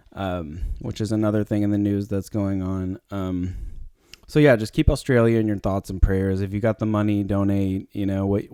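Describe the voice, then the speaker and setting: A man's voice: fairly low pitch, mellow, no room sound. A man hosting his own podcast, talking casually and rambling, with lots of fillers and restarts, into a close mic. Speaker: podcast host. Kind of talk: casual solo podcast talk.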